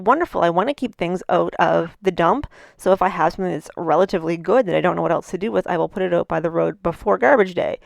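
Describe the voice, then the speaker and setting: A woman's voice: medium pitch, vocal fry, dry recording. Chatty woman telling a story, dry sound. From Canada. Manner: chatty, animated retelling with frequent asides. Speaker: podcast host. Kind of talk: casual storytelling monologue.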